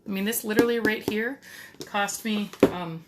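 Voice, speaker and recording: A middle-aged woman chats straight to her viewers in a homemade DIY vlog. She is blunt and rambling, with a medium-pitched voice. A faint hiss of noise sits under her speech. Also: moderate pace. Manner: chatty and blunt, with mild swearing. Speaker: DIY vlogger. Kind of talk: casual direct-to-camera DIY talk.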